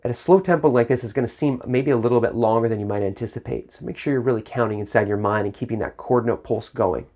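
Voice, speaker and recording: A man's voice: medium pitch, fast, hardly any pauses, darkish tone. A man teaching a saxophone lesson on video, patient and encouraging, speaking syllables aloud in rhythm to demonstrate.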